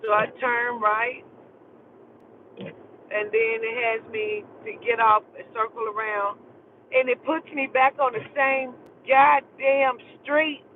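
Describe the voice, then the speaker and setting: High-pitched, cussing man on a tinny phone stream. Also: takes it slowly. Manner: animated, profane, exclaiming storyteller. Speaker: live streamer. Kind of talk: casual live-stream storytelling. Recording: tinny phone audio with faint vehicle noise.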